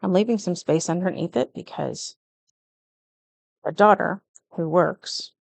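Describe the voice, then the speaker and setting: Speaking at a measured pace in a lowish, gravelly voice, a middle-aged planner vlogger casually narrates a plan-with-me video. She comes across a little nervous, correcting herself often, with no echo in the recording.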